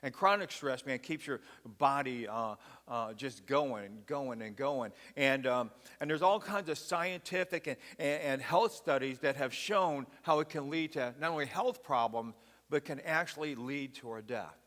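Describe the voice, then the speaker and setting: A man preaches as pastor in the big hall of a church sanctuary, using a mid-range, slightly bright voice at normal speed. The sermon feels folksy and conversational, with "man" popping up often in his sentences.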